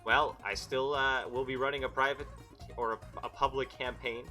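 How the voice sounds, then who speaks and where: A man's voice: medium pitch, steady tone, normal speed, pushed and bright, faint music behind. A man from Quebec with a Canadian accent, narrating a tabletop game as game master in a rambling, casual way. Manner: rambling, filler-heavy recap.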